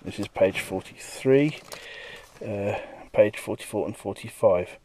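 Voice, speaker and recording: A man's voice: lowish voice, measured pace, a little hiss or hum. Man casually walking through his comic pages. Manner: lively, breaks into brief character voices while retelling scenes. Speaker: comic artist. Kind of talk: casual walkthrough of his own work.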